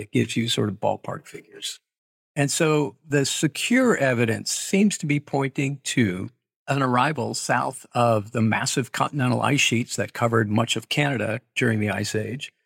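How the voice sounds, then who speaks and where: Gravelly-voiced male archaeologist explaining. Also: medium pitch, a bit bright, no room sound, studio quality. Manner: measured, explanatory, with hedging asides. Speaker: archaeologist guest. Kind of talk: expert interview answers.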